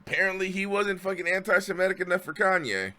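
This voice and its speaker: A man's voice: high voice, fast talker, bright, forceful tone. A man streaming his reactions to a video, ranting profanely and sounding exasperated. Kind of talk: live stream commentary.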